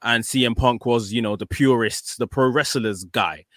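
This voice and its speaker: A man hosting a podcast in casual chat, emotional and gushing, repeating words when excited. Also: medium pitch, moderate pace, dry recording, studio quality. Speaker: podcast host.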